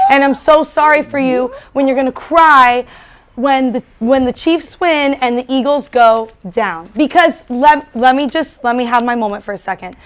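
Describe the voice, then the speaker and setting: A woman with a high voice trading jabs in a football debate. She teases her opponent and talks up her own team. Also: a bit bright. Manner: teasing, trash-talking. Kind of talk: casual sports debate.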